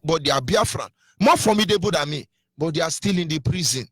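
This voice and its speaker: A man's voice: on the high side, expressive, fairly quick, a bit bright, breathy edge, no echo, faint music behind. A man with a Nigerian accent giving a fiery political sermon on radio, asking rhetorical questions and half-singing some phrases. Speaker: activist radio speaker.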